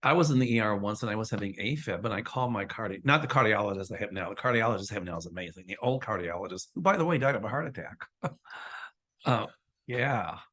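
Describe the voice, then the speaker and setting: A man hosting a casual chat, retelling a story in an animated, indignant way. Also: fairly low pitch, quick pace. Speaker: psychic show host.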